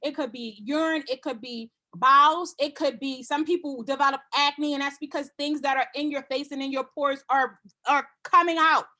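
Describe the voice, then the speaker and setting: Bright high-voiced woman training a sales team. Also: fairly even intonation, moderate pace. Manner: confident, repetitive, acts out customer dialogue. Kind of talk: casual sales training talk.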